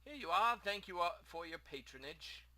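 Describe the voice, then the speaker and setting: A man's voice: sits high, expressive, moderate pace, pushed and bright, voice pushed up, exaggerated voice. A man doing a chatty, eager shopkeeper. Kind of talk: reading game dialogue aloud.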